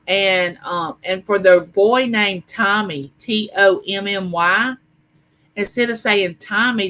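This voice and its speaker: Woman in her fifties hosting a live chat; bright voice, chatty and rambling, frequent fillers. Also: medium pitch, takes it slowly, poor audio. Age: 50s. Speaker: livestream host. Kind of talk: casual live chat reading viewer comments.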